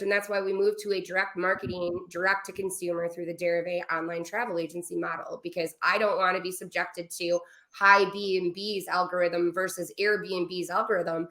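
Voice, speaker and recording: Animated woman in a roomy echo. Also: fairly low pitch. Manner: fast, animated explaining with asides. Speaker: guest, travel business owner. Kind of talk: podcast interview.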